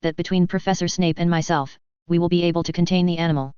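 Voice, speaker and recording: A woman voicing a wise, very old male wizard headmaster who talks in a measured, courteous way. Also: on the low side, steady tone, a little mellow, clean tone, no echo, lo-fi sound, natural voice.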